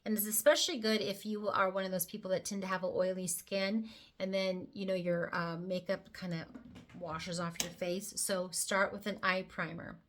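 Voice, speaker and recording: A woman's voice: medium pitch, fairly even intonation, normal speed, a bit bright. A woman presenting a casual makeup tutorial, talking the viewer through each step with chatty, playful asides. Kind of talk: casual how-to demonstration.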